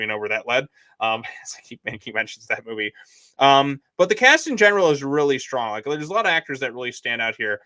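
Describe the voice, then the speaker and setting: Bright rambling man reviewing movies. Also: medium pitch, dry recording. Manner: rambling, lots of "like" and "um". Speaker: podcast co-host. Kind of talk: casual movie review chat.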